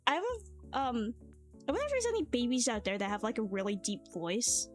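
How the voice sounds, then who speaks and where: A woman's voice: a little high, big pitch swings, a little fast. A woman streamer chatting casually, rambling and playful, laughing often. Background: faint cafe music.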